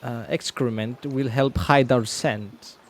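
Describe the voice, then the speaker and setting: A gruff, impatient hunter, voiced by a man who speaks slowly and shortly. His voice is mid-pitched, with faint noise behind it. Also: steady tone. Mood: annoyed. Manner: curt, measured.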